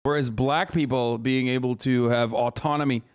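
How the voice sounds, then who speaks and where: A man live-streaming, reacting to a clip in a fast, incredulous, ranting way. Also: mid-range voice, steady tone, smooth. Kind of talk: casual reaction commentary.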